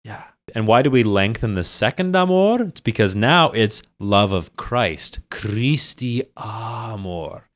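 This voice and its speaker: A man's voice: fairly low pitch, big pitch swings. A man in his thirties, a singer, explaining a choral piece in casual commentary and sometimes singing short phrases to show a point. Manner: enthusiastic, explains slowly and sings short phrases to demonstrate. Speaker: singer reacting to a choral performance.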